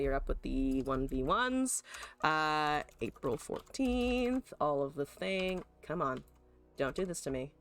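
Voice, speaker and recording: Her voice is low and a bit bright. During a live card game stream, she explains her plays, chats freely, laughs a lot, and lets loose with profane, exasperated complaints about her opponent.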